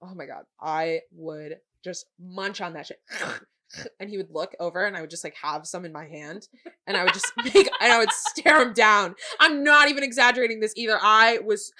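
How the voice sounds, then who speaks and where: A woman's voice: mid-range voice, lively intonation, normal speed, sharp tone. A woman in her twenties co-hosting a podcast, telling stories in a sarcastic, casual way and swearing freely. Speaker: podcast co-host. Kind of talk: casual chat.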